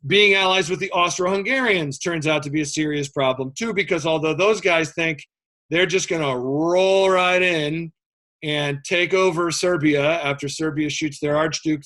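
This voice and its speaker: A male history teacher lecturing a class in a loose, conversational way. His voice sits a little high for a man, and he drifts into joking asides full of fillers before circling back to the lesson. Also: a bit bright.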